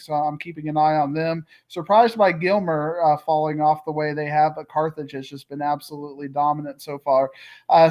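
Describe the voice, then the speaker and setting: A man reviewing high school football in an analytical, steady way. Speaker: sports show co-host. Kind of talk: casual sports talk.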